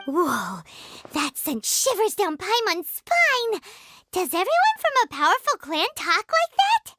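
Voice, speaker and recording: Squeaky, chirpy little game sprite, bright and hugely swooping, drawn-out delivery. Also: female voice, wildly swooping pitch, heavily acted. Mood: excited. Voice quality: very high, squeaky childlike voice. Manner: chirpy, refers to herself in third person. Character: tiny floating female companion creature, excitable. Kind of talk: video game voice acting.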